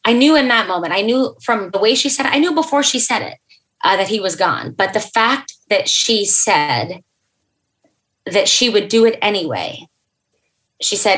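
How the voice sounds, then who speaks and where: A woman's voice: mid-range voice, expressive, a bit bright, low-quality recording. Earnest woman telling a personal story. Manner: earnest, halting, with many fillers and restarts. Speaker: podcast guest.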